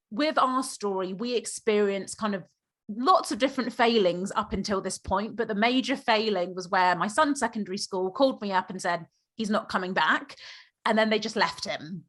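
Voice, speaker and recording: A woman's voice: medium pitch, fairly bright tone. A woman hosting a podcast interview, speaking earnestly and growing emotional. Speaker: podcast host.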